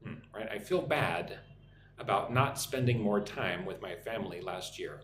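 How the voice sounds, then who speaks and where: A young American man teaching English on a live stream, chatting with viewers and repeating phrases slowly for practice. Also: fairly low pitch, fairly bright tone. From United States. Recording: echoey room with faint noise.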